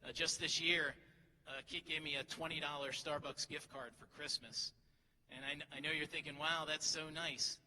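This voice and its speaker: A man's voice: a little high, steady tone, normal speed, pushed and bright, slight background noise. A middle-aged man, a teacher, giving a humorous graduation speech full of teasing, self-deprecating jokes from a podium microphone. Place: large hall at a graduation ceremony. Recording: hall reverb, faint crowd ambience.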